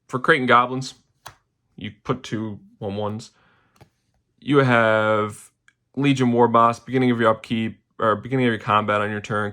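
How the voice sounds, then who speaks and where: Gravelly-voiced casual young man. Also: lowish voice, a bit bright. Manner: loose, rambling, slangy, with fillers and trailing asides. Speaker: deck tech host. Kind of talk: casual card game deck tech.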